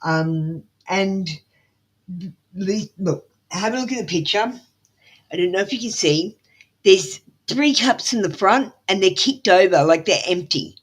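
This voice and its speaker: A woman's voice: mid-range voice, expressive, unhurried, slightly rough, poor audio. A middle-aged woman with an Australian accent doing a live tarot reading, blunt, motherly and swearing freely. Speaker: tarot reader.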